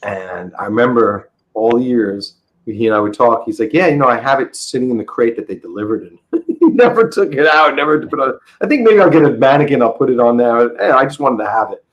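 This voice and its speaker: A man's voice: mid-range voice, lively intonation, a little fast, muffled recording. A middle-aged man, a guest on a podcast, telling stories in a rambling, enthusiastic way full of restarts. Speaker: interview guest, comic book dealer. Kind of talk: casual podcast storytelling.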